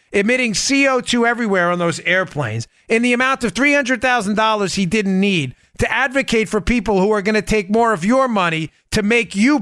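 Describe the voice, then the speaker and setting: A man hosts a political podcast in a bright, high voice. His delivery is animated and sarcastic, and he often slips into mocking impressions. The sound is dry and close, with no room echo. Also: clean tone. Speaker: podcast host. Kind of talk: political commentary monologue.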